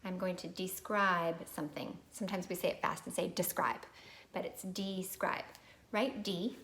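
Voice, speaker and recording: A woman's voice: on the low side, fairly even intonation, fairly quick, a bit bright. A woman teaching a recorded phonics lesson to young children, patient and prompting them to repeat words.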